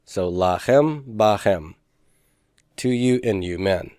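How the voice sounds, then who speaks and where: A man's voice: lowish voice, slow, a little mellow, clean tone, no room sound, studio quality. A man teaching a Hebrew grammar class, patiently asking students questions and confirming their answers.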